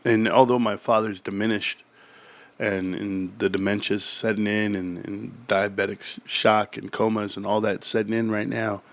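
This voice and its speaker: A man's voice: on the low side, little pitch movement, normal speed. A man talking casually on his stock market livestream, rambling and heartfelt with many restarts, growing emphatic when he tells a story.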